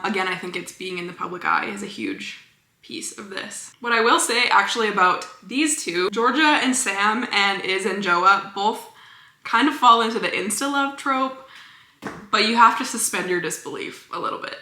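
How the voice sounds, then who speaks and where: A woman chatting casually as a book vlogger, gushing about her favorite reads with quick, enthusiastic asides. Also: mid-range voice, expressive, sharp tone, echoey room. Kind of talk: casual book review chat.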